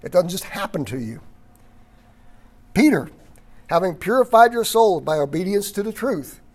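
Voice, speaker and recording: A man teaching a Bible study lecture, reading passages aloud, stressing key words and often clearing his throat. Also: high voice, big pitch swings, moderate pace. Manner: emphatic on key words, occasional chuckle.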